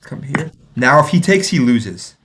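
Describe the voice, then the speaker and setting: A man streaming himself playing chess, thinking aloud and muttering to himself, sometimes mocking his own mistakes and getting excited. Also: medium pitch, a little slow, noisy background. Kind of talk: thinking aloud while playing and reviewing a game.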